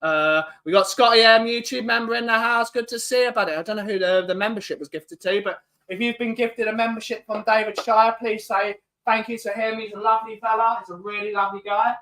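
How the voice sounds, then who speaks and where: Male livestream host with a sharp, bright tone, casual and chatty, shouting out viewers. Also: high voice, steady tone, brisk. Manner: chatty, greeting viewers in chat one by one. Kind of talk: casual live-stream chat.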